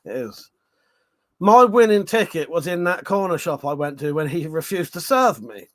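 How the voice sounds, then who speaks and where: A man's voice: a little high, lively intonation, normal speed, a bit bright. A man hosting a casual livestream chat. He swears a lot and laughs often. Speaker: livestream host.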